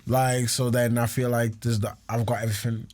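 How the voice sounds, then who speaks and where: A man's voice: medium pitch, little pitch movement, fairly quick, a little mellow. A young man, co-hosting a podcast in slangy, laugh-filled casual chat. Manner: laughs often, slangy banter. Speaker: podcast co-host.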